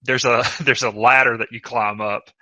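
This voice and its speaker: A man co-hosting a casual gaming podcast who talks in a lively way and laughs while retelling scenes. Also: mid-range voice, moderate pace, no room sound. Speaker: podcast co-host. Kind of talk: casual chat.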